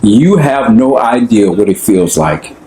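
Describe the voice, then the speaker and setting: A young African American man from the United States, being interviewed, talks about his own experiences in a relaxed, conversational way, full of slang and frequent "you know what I'm saying." His voice is lowish and a bit slow, and the low-quality recording sounds roomy.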